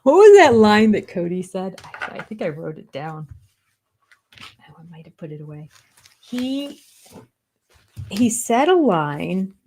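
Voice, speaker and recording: A woman's voice: medium pitch, big pitch swings, a little slow, pauses often, a little mellow, slight background noise. An older woman hosting a live chat about reality TV, talking casually and sarcastically and laughing often. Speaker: reality TV review host. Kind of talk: live-stream chat with viewers.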